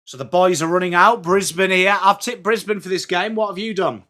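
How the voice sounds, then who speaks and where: A man's voice: high voice, brisk, bright, forceful tone. A man with an English accent hosting a casual live sports watchalong stream, chatting and greeting viewers by name. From England.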